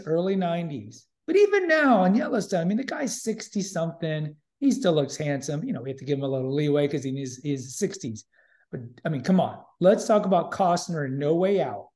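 A man's voice: a little high, very animated, moderate pace, darkish tone. A man hosting a podcast in casual chat, opinionated and emphatic, often repeating himself. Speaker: podcast host.

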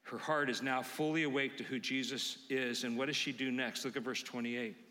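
A man preaching a casual, animated sermon to a live congregation, swinging from loud exclamations to hushed reflection. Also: mid-range voice, fairly quick. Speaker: pastor. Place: church sanctuary with a congregation. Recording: long hall reverb.

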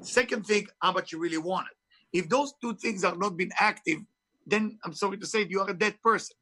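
High bright-voiced man with heavy accent. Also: brisk. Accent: heavy foreign accent. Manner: emphatic, preachy, non-native phrasing. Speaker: author and spiritual teacher. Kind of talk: interview talk.

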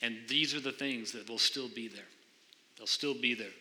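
A man's voice: medium pitch, normal speed, bright, forceful tone. A man preaching a sermon as pastor, earnestly explaining scripture and questioning his congregation in a church sanctuary. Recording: long hall reverb.

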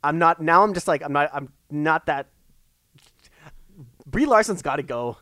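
A man's voice: fairly high pitch, lively intonation, measured pace, fairly bright tone, no room sound. A man in casual chat, rambling eagerly with many restarts.

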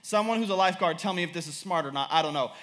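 A young male preacher, animated and prone to repetition, laughs while recounting tales of his daughter. His pitch lifts easily as he goes.

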